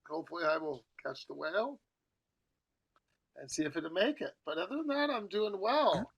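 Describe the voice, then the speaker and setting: A middle-aged man hosts a podcast in loose, rambling chat, hopping from topic to topic. His voice sits a little high with a gravelly, husky edge and a bright, forceful tone. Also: animated, normal speed, lo-fi sound. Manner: rambling and chatty, jumps between topics. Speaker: podcast host. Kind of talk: casual chat.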